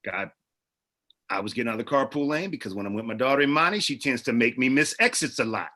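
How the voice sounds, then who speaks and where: Bright-voiced man telling animated stories. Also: medium pitch, fast. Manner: animated, acts out the people in his stories. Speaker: actor and producer, guest. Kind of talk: casual interview storytelling.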